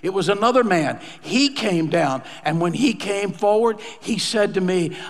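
A man's voice: high-pitched, expressive, unhurried, few pauses, long reverb tail. A male pastor telling a story in a sermon, acting out the lines he quotes in a conversational way.

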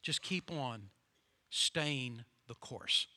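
A man preaching voices a wise old farmer who gives gentle, soft-spoken counsel to a troubled friend. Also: mid-range voice, animated, very slow, voice pushed down, heavily acted. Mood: calm.

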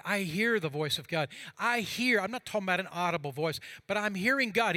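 A male pastor with a high-pitched voice preaches a sermon, shifting between fervent passages and hushed, quiet ones while reading scripture aloud dramatically. The recording is dry.

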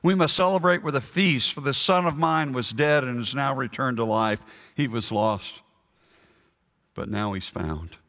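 A man's voice: mid-range voice, unhurried, fairly bright tone, big-room sound. A man voicing a forgiving elderly father who welcomes his son home, speaking tenderly and emphatically. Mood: joyful.

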